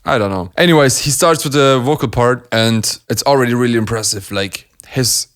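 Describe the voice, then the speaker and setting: A man's voice: mid-range voice, brisk, fairly bright tone. Enthusiastic man. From Germany. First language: German. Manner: enthusiastic, laughs often, demonstrates sounds. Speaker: beatbox reaction host. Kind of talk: casual analysis commentary.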